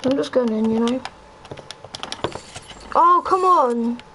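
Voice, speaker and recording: Give me a high, excitable young woman gaming, slow-spoken on a noisy mic. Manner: excitable, chatty, yelps and squeals at game moments. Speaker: gamer streaming with friends. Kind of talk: casual gaming chat.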